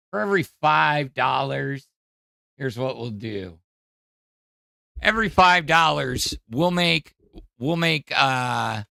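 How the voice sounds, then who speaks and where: A man's voice: on the high side, gravelly, sharp tone, no room sound. A man hosting a podcast, giving rambling, hesitant casual commentary with many fillers on a close mic. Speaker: podcast host.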